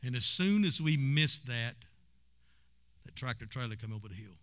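A man preaching, his voice bright and forceful. He tells stories with plenty of emphasis. His pitch sits in the middle range. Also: animated, normal speed. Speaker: pastor. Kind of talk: sermon.

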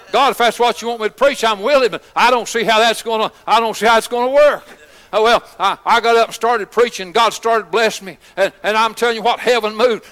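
A man's voice: high-pitched, pushed and bright, big-room sound. A man pastor, preaching a folksy, story-driven sermon that rises into fervent exhortation. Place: church sanctuary.

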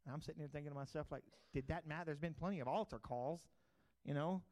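A middle-aged pastor, preaching a sermon in a conversational storytelling way, swinging from loud bursts to quiet asides. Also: male voice, a little high, fairly quick.

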